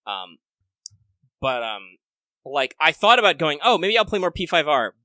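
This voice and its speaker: Casual co-host: a man with a bright, dry-mic voice, animated and profane. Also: fairly high pitch, no room sound. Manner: animated, swearing, quick impressions. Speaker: podcast co-host. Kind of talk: casual chat.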